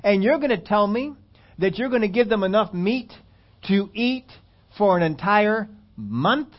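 A man's voice: medium pitch, animated, moderate pace, close to an everyday voice. A man voicing an incredulous Moses who questions what he is told. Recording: dull lo-fi recording.

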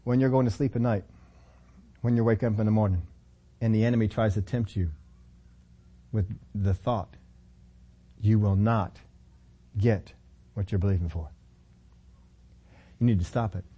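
A man's voice: on the low side, steady tone, moderate pace, pauses often, dark tone, breathy edge, muffled recording. A middle-aged man preaching a sermon as pastor, emphatic, repeating phrases and acting out quotes.

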